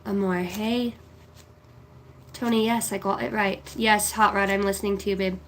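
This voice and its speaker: A woman's voice: mid-range voice, fairly even intonation, moderate pace, a bit bright, slight background noise. Chatty woman reading a livestream. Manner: chatty, affectionate, reads viewer names aloud. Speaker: psychic card reader on a livestream. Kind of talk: casual livestream chat reading comments.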